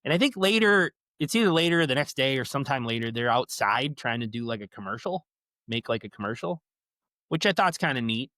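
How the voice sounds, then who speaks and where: A man co-hosting a podcast, retelling horror movie scenes in an animated, casual way, swearing now and then. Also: mid-range voice, fairly quick, no echo, studio quality. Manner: animated storytelling, swears, says yeah a lot. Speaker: podcast co-host. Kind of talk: casual movie recap chat.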